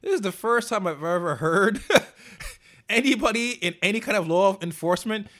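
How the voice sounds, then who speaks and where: A man's voice: high voice, expressive, moderate pace, fairly bright tone. A man co-hosting a casual podcast, joking around and laughing often. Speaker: podcast co-host.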